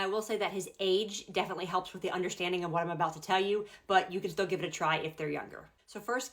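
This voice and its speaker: Brief: young mom, low voice, talks fast, practical step-by-step parenting advice to camera. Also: female voice. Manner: practical, matter-of-fact, explaining step by step. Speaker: mother giving parenting tips.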